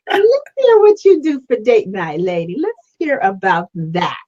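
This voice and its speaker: A woman's voice: on the high side, big pitch swings, takes it slowly, darkish tone. A woman co-hosting a talk show, chatting enthusiastically and laughing along. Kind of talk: casual chat. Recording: dull lo-fi sound.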